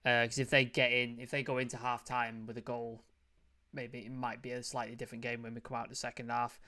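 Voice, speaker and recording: A man's voice: mid-range voice, little pitch movement, brisk, bright, forceful tone. A man hosting a casual football review chat, loose and chatty, full of fillers. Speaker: host.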